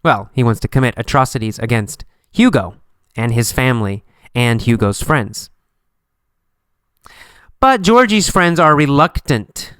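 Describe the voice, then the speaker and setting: A man teaching an English lesson, asking simple questions and answering them himself, slowly and with a lot of repetition. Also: fairly high pitch, a bit bright, clean tone, no room sound, studio quality.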